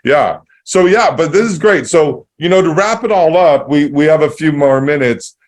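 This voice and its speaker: A man's voice: fairly high pitch, lively intonation, normal speed. A man hosting a podcast, chatting casually and telling a rambling story with many restarts, acting out both sides of a conversation. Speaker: podcast host.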